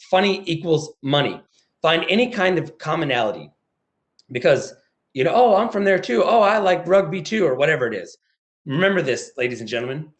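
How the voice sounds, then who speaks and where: Animated American man giving a sales talk. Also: a little high. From United States. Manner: animated, acts out phone calls in quoted voices. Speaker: motivational speaker. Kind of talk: sales presentation over video call. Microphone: video call.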